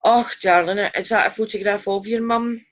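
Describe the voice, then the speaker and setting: A woman's voice: mid-range voice, steady tone, moderate pace. A woman giving live psychic readings, chatty and affectionate, calling viewers darling. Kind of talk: live-stream chat reading viewers' photos.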